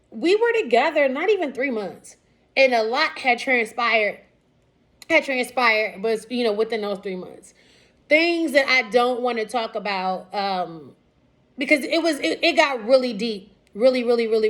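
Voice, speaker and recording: A woman in her thirties with a fairly high voice talks candidly about her own past. She is casual and unpolished, often restarting her sentences and acting out what people said. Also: fairly bright tone. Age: 30s. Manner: casual, candid, many fillers and restarts, quoting others. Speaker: vlogger sharing personal story. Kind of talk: candid personal storytelling.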